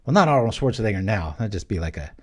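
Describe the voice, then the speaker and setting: Fairly low in pitch with big swings and a quick pace, a man offers casual commentary on the card game he's playing. His talk rambles, jokes, and wanders into chatty asides between turns.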